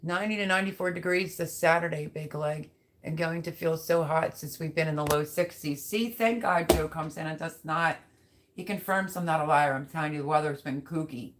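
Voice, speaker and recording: A woman's voice: sits low, brisk, background noise. Woman, live-stream host, casual and rambling, speaks directly to chat. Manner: chatty, rambling, talks straight to viewers. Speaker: livestream host reading chat.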